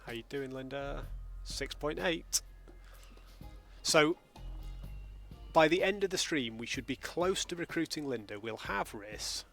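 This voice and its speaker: A man's voice: on the high side, expressive, measured pace, vocal fry, pauses often, a bit bright, faint music behind. A man, chatting casually with viewers during a live gameplay stream from home. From England. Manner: chatty, greets viewers by name.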